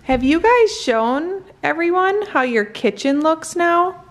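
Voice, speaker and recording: A woman family vlogger chatting casually at home, explaining things in a relaxed way by a kids' play kitchen. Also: very high voice, slow. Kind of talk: casual home vlog chat.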